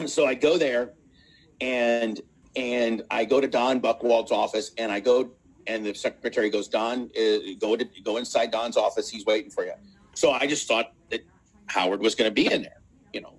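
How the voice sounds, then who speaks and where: Husky man from Indiana. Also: medium pitch, moderate pace, poor audio. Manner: plain, blunt, swearing. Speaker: radio host. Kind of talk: casual storytelling.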